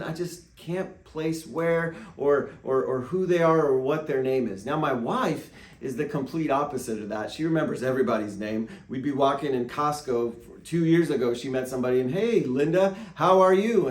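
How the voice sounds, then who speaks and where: A man, a pastor, giving a devotional teaching in a lively way, acting out quotes with playful asides. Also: medium pitch. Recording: echoey room.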